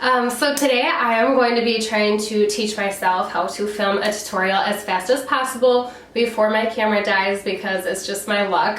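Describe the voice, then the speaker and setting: A woman's voice: medium pitch, a bit bright. A young woman filming a casual get-ready-with-me makeup tutorial, chatty and upbeat, her voice nasal from a cold. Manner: chatty and upbeat, laughs often. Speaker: beauty vlogger. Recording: roomy sound from a distant camera mic, faint hiss.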